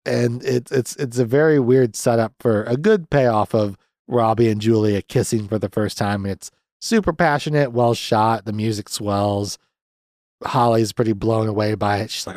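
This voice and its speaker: A man's voice: lowish voice, normal speed, darkish tone, no echo, clean studio sound. Rambling thirtysomething man reviewing a movie. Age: 30s. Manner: rambling, chatty, swears freely. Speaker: podcast host. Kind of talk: casual movie review chat.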